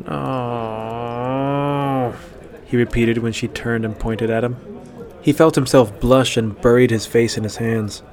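A man narrating a fantasy story in a steady, even reading voice. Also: mid-range voice, normal speed.

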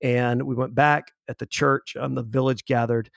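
Earnest man with a gravelly voice. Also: medium pitch, flat delivery, fairly bright tone, no echo, studio quality. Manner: earnest, halting with restarts. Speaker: guest. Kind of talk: conversational storytelling.

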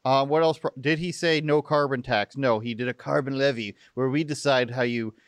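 A man's voice: medium pitch, steady tone, normal speed, clean tone, dry recording. A young man hosting political commentary, sarcastic and mocking as he picks apart statements. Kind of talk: opinionated live commentary.

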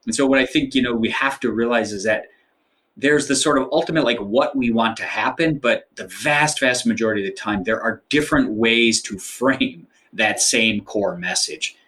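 A man's voice: mid-range voice, normal speed, sharp tone. A man as an author guest in an interview, explaining ideas thoughtfully with frequent fillers. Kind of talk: interview conversation.

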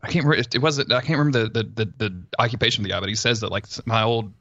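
Fast-talking man, lo-fi mic. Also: medium pitch, fairly bright tone, dry recording. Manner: quick, stammering enthusiasm. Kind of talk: casual book discussion. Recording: slightly dull lo-fi mic.

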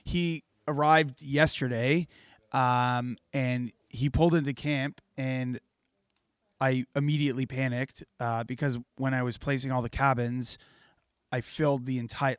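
A man's voice: mid-range voice, no room sound. Hesitant male organizer, dry sound. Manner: hesitant storytelling with many fillers. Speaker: event organizer. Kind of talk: casual live chat. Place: live event at a camp.

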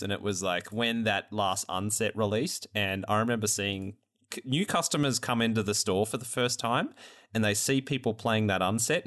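A man's voice: on the low side, fairly bright tone. A man hosting a casual podcast chat, rambling with frequent restarts and fillers. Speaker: podcast host.

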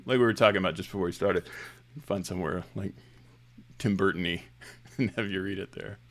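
A man's voice: low voice, steady tone, fairly quick. A man co-hosting a podcast in casual chat, trading wry jokes and banter. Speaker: podcast co-host.

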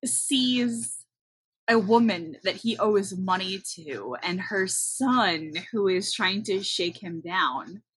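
A woman's voice: medium pitch, expressive, slow pace, fairly bright tone, breathy edge, no echo, low-quality recording. Woman co-host recapping a movie, dry close sound, wry. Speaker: podcast co-host. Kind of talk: casual chat recapping a movie.

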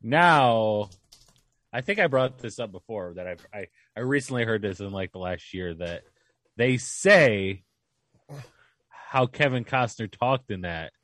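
A man's voice: on the low side, animated, a little slow, a bit bright, no echo. A man co-hosting a podcast in casual chat, rambling and hesitant with lots of fillers. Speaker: podcast co-host.

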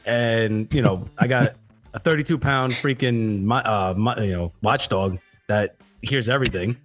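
A man's voice: medium pitch, a little slow, soft background music. A man co-hosting a podcast, telling a story casually, swearing a lot and acting out the voices of the people in it. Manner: profane, animated, acts out voices. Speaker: podcast co-host.

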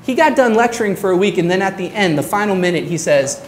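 A woman pastor preaching a sermon in an earnest way, slowing down on her key phrases. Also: lowish voice, a little hiss or hum.

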